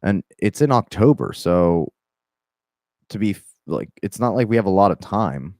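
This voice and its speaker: A man's voice: low-pitched, lively intonation, moderate pace, a little mellow, dry recording, clean studio sound. A young Southern man hosting a casual MMA talk show, rambling and profane with plenty of restarts. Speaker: MMA podcast host. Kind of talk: casual commentary.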